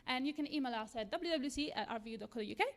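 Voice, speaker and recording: A woman with an Italian accent races through what sounds like a live lightning talk in an event room full of people. Her voice is fairly high, and her delivery is sincere, mildly nervous, and self-deprecating.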